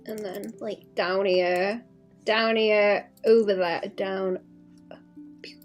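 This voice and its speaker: A woman's voice: medium pitch, steady tone, slow pace, faint music behind. A woman artist on a casual livestream, rambling as she thinks aloud about her drawing and adding playful sound effects.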